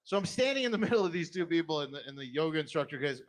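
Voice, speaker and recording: A middle-aged man doing a blunt, profane stand-up set, jumping into sudden high put-on voices. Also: sing-song, racing. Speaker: stand-up comedian.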